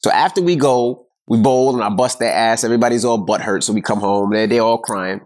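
A man's voice: mid-range voice, a little fast, a little mellow. A middle-aged man hosting a podcast, chatting casually in joking, boastful banter. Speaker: podcast host. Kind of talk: casual chat.

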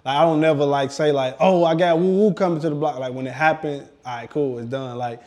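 Man in his thirties, interview guest, casual rambling chat, fresh dental work, a little high-pitched. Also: fairly quick. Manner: relaxed, rambling, heavy use of "like". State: talking around brand-new dental work.

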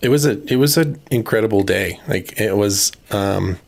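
A male podcast host with a low, gravelly voice talks in a halting, thoughtful way. He restarts his sentences often as he searches for words. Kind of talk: conversational interview.

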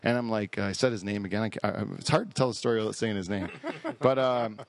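A man's voice: on the low side, fast talker. A man hosting a podcast in casual chat, telling rambling, profane stories and laughing at his own jokes. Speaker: podcast host. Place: studio hall.

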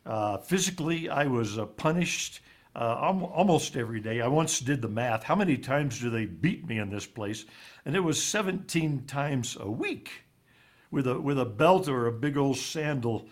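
A man, an author being interviewed, telling a personal story in a halting way, often repeating words, his voice dropping low and quiet on the painful parts. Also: animated. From raised in Ivory Coast.

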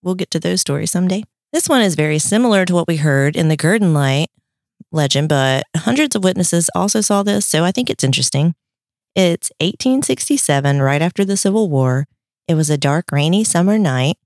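A woman from North Carolina tells a local legend on a podcast, brisk and amused. Her voice sits a little low for a woman. It sounds close and dry. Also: lively intonation, darkish tone, dry recording. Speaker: podcast host, storyteller. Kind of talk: casual chat, telling a legend.

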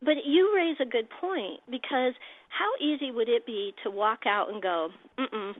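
A woman guest telling personal stories in an animated, emotional way. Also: on the high side, normal speed, no echo. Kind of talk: storytelling chat. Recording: tinny phone-like line.

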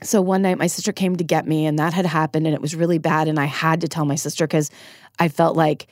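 Middle-aged woman, interview guest; candid and self-deprecating, laughs easily, lowish voice, dry close sound. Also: flat delivery, fast talker, darkish tone, no echo. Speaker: podcast guest. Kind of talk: casual interview conversation.

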